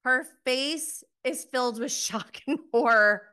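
A woman's voice: sits high, slow pace, pushed and bright, clean tone. A woman giving a casual recap review of a TV episode, gushing, giggly and exasperated by turns. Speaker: TV show reviewer.

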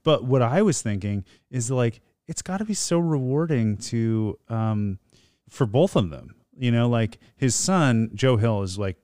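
A man's voice: medium pitch, animated, unhurried, darkish tone, no echo, clean studio sound. A man, guest on his wife's podcast, chatting in a rambling, self-mocking way with many fillers. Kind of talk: casual chat.

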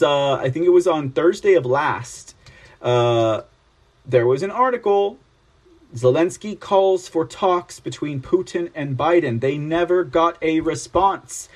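A man's voice: fairly high pitch, breathy edge. A man hosting a news show, reading reports aloud and breaking in with emphatic, sarcastic asides. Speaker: host.

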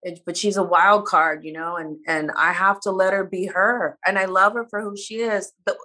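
A woman's voice: medium pitch, fairly even intonation, normal speed, pushed and bright. A woman guest speaking candidly in a casual interview, sometimes losing her words. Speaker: reality show cast member guest.

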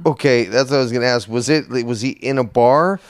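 A man co-hosting a podcast in casual chat, throwing in quick teasing jokes and questions. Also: medium pitch, dry recording, clean studio sound. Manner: teasing, quick jokey interjections. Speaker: podcast co-host.

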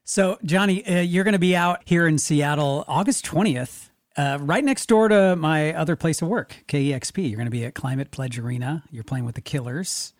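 A man's voice: fairly high pitch, moderate pace, hardly any pauses, no room sound. Chatty man host, dry sound. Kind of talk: casual conversation.

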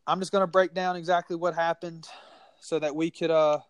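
A Southern US man breaks down a football game in a casual podcast, his voice sitting high for a man. He rambles and restarts his sentences, getting heated as he goes. The sound is dry and close, with no room in it. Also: level tone, brisk, clean tone, dry recording, highs cut off. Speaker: sports podcast co-host. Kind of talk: casual sports talk.

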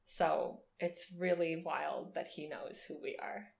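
A woman's voice: sits low, slow, creaky, darkish tone. A woman co-hosting a podcast in casual chat, talkative and laughing often, swearing freely. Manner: chatty, laughing, frequent swearing. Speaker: podcast co-host. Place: New York.

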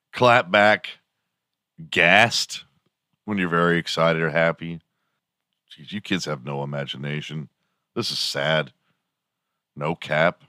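Slow, bright-voiced sarcastic man. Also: on the low side, no echo, studio quality. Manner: sarcastic, crude, rambling. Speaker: morning show host. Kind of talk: comedic podcast monologue.

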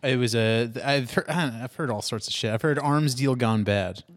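A man's voice: mid-range voice, brisk. A young man co-hosting a podcast in casual chat, incredulous and profane as he talks. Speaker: podcast co-host.

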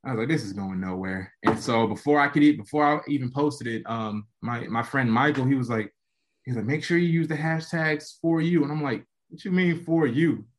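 A young man, a college football player, telling a casual story as a podcast guest and acting out quotes in an animated way. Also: brisk. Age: young adult. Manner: animated, acts out quotes with jumps in pitch.

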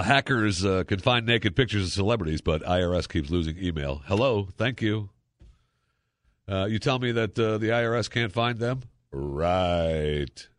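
A male talk radio host rambles through bad jokes and news in a loose, filler-heavy way. His voice sits on the lower side and swoops up and down a lot. The studio mic sounds close and dry. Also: dry recording. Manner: jokey, animated, lots of fillers. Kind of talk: casual talk radio monologue. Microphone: studio microphone.

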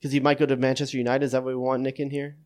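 A man's voice: mid-range voice, flat delivery, very fast, background noise. A man co-hosting a casual sports podcast, full of teasing, jokey banter. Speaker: podcast co-host.

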